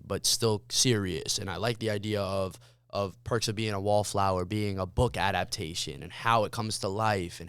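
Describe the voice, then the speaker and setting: A man talking as a podcast guest in a loose, profane, animated way. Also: deep voice, clear, resonant tone, dry recording. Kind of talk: casual chat.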